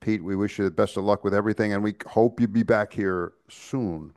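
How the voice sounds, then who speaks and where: A man's voice: lowish voice, steady tone, a little fast, darkish tone, dry recording, studio quality. A man co-hosting a podcast, talking casually and chattily with frequent restarts and stammers. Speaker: podcast co-host. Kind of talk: casual chat.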